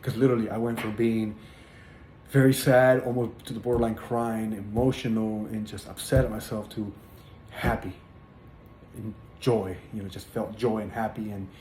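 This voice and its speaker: A man with a fairly low voice tells his religious testimony in an earnest, halting way. He stops often for fillers and repeats words as he goes. The recording sounds roomy, with a faint hiss of background noise. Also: fairly even intonation, darkish tone. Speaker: person sharing a religious testimony. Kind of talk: personal testimony, casual spoken storytelling.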